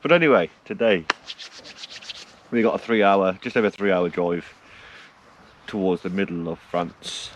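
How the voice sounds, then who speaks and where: A man's voice: low voice, measured pace, pauses often, muffled recording, background noise. A middle-aged man from the UK talking casually to his camera outdoors on a road trip, rambling and laughing at himself. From United Kingdom. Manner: chatty, rambling, laughs often, self-deprecating. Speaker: vlogger on a van road trip. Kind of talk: casual vlog talk to camera. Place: outdoors by a lake, cold morning.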